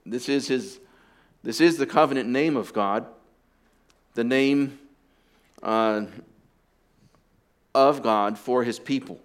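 A pastor preaching a sermon, explaining deliberately and dropping in casual asides to the congregation. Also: male voice, mid-range voice, smooth. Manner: deliberate teaching with conversational asides.

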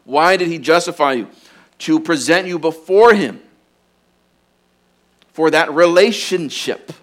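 A man preaching a sermon, earnest and urging, often dropping to a quiet intensity to press his points. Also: a little high, measured pace. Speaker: pastor.

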